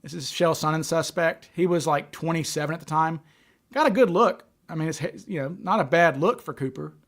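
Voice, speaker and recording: Hosting a livestream, a man talks casually in a fairly high, slightly bright voice at a fairly quick pace. He thinks aloud, stuttering frequently, repeating words and starting sentences over.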